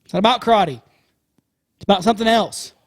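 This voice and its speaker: A man with a fairly high voice talks bluntly on a casual podcast, rambling and swearing all the way through. The sound is dry and close, with no trace of the room. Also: fast talker, no room sound. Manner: animated, profane, blunt, rambling. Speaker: podcast co-host.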